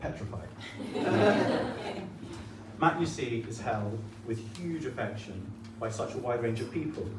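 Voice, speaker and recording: A man's voice: mid-range voice, very animated, slow pace. A man giving a best man speech with dry, mock-grand humour. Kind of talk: wedding speech. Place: wedding reception hall. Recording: echoey room, mic from far off, audible noise.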